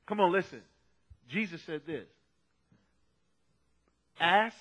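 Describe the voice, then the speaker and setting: A man preaching a sermon with a very high, bright voice. He urges his listeners on emphatically, swinging between quiet talk and shouted praise. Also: big pitch swings, measured pace. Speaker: pastor.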